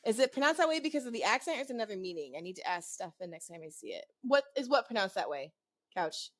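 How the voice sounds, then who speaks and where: A woman's voice: mid-range voice, lively intonation, quick pace, no echo. An American woman with a mixed American accent co-hosting a gaming podcast, talking in a rambling, enthusiastic way. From United States. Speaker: podcast co-host. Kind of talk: casual chat.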